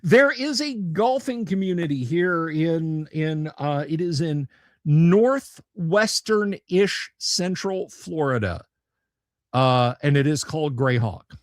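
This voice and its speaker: Man, livestream host, casual chat, rambling, jokey, stammering, lively pitch, dry desk mic. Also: takes it slowly, no room sound. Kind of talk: casual live-stream chat.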